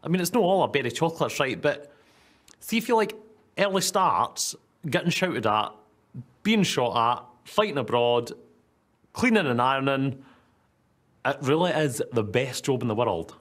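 An actor with a Scottish accent playing a wry, deadpan young soldier in a comedy series. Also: male voice, medium pitch, normal speed, pauses often. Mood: musing. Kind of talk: sitcom acting.

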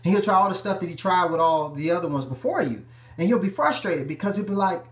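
A man's voice: fairly high pitch, fast, roomy sound. A man, a relationship life coach, giving emphatic, repetitive advice straight to his viewers on a live stream.

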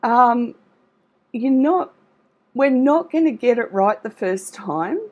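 Speaking slowly with lively intonation, this middle-aged woman has a slightly rough, somewhat high voice, and the recording is muffled. She's a trauma recovery coach leading a live online session, encouraging and reassuring listeners warmly while frequently asking "okay?" or "all right?"

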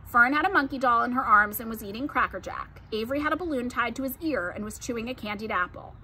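A woman reading a children's book aloud in a gentle, expressive storytelling manner. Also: fairly high pitch, fast talker, slight background noise. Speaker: storybook reader.

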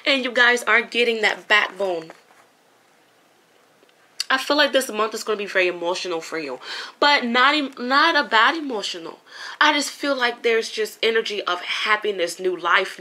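Chatty bright-voiced woman tarot reader. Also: medium pitch. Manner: chatty, emotional, swears casually, addresses viewers as honey and you guys. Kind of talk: casual spoken tarot reading.

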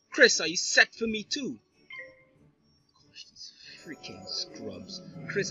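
A young man giving excitable, ranting commentary over his gameplay. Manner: excitable ranting with big pitch swings. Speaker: gaming video creator. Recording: noisy background.

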